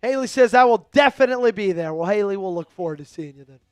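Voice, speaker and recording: A man hosts a fan livestream, casually and with hype running a raffle, hyping donors and calling plays from a game. He talks fast in a high-pitched, expressive voice with a clear, resonant tone, on a dry recording with faint music behind.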